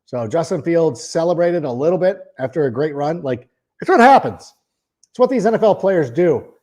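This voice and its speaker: A man's voice: on the high side, dark tone. A man hosting a sports podcast, talking casually and at length, often repeating words as he starts a sentence. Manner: reads a sponsor ad in the middle. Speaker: podcast host. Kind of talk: casual sports talk monologue.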